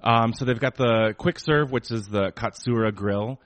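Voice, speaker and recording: A man's voice: mid-range voice, normal speed, no room sound. A man co-hosting a podcast, chatting casually and giving opinions, with lots of fillers. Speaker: podcast co-host. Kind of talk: casual chat.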